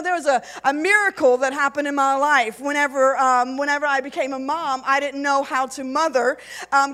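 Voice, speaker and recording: A woman's voice: high-pitched, a bit bright. A woman pastor telling a personal testimony in a chatty, rambling way, full of "like" and "and so". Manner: chatty, rambling, many "like" and "and so" fillers. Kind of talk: storytelling testimony.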